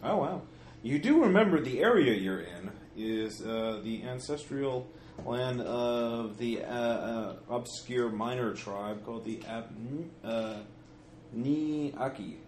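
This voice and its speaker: A man's voice: mid-range voice, animated, takes it slowly, a little mellow. Hesitant man running a horror game. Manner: hesitant, many fillers and hums. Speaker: game master. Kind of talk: narrating a tabletop horror game. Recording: echoey room with faint noise.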